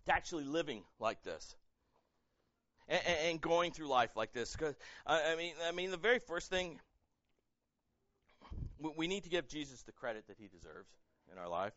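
A man's voice: fairly high pitch, sing-song, moderate pace, long pauses, no echo. Male pastor, fervent stumbling delivery, brassy edge, dry and a little dull on the mic. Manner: impassioned, repeats words and restarts, rising to near-shouting. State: emotionally raw. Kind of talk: sermon.

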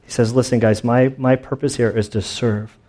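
A male pastor delivering a sermon in a relaxed, conversational way. He tells anecdotes casually and acts out the people in his stories, with a voice of middling pitch. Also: normal speed. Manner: casual storytelling, animated retellings.

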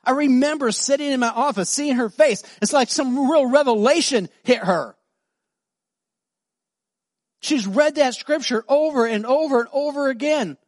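High-voiced pastor, animated storytelling sermon. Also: male voice, no room sound, studio quality. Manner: conversational, animated, acts out dialogue; drops to soft, slow voice for emotional moments.

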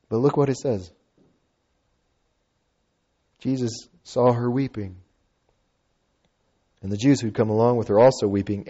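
A man preaching a sermon as a pastor, conversational and animated, with playful asides and acted-out quotes. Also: fairly low pitch, breathy edge, highs cut off.

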